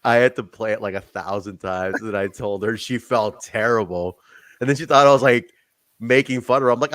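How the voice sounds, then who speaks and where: A young man hosting a podcast, telling backstage stories in an animated, laughing, profanity-filled way. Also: medium pitch, normal speed, no echo. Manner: animated, swearing, laughing storyteller. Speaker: podcast host. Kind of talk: casual chat.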